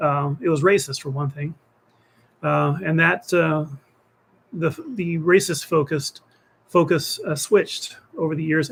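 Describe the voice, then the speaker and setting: A man's voice: on the high side, creaky, poor audio. An older man, co-host of a political talk show, debating in a rambling casual way with many fillers and restarts.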